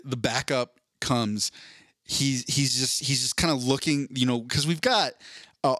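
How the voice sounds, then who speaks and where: A man's voice: medium pitch, dry recording, studio quality. A man, co-hosting a casual podcast and telling a story, laughing often and acting out what others said. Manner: animated storyteller, laughs often, acts out quotes. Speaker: podcast co-host.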